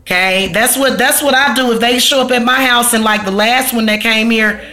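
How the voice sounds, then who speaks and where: A woman's voice: on the high side, moderate pace, pushed and bright. A woman vlogger, talking casually and bluntly to her viewers, cursing and ranting. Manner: blunt, profane, ranting, slangy. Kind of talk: casual talk to camera.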